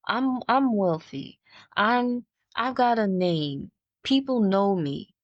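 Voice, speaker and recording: A woman's voice: mid-range voice, lively intonation, takes it slowly, no echo, lo-fi sound. A woman briefly voicing a wealthy young man who boasts of his merits while retelling a story on her podcast. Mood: boastful. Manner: self-satisfied, listing his merits.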